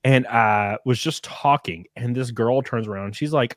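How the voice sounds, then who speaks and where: A man's voice: mid-range voice, moderate pace, no room sound, clean studio sound. A man from Alabama with a thick Southern accent, hosting a casual live stream and chatting loosely, cursing now and then. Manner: loose, excitable, swears casually. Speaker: stream host. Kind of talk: casual chat.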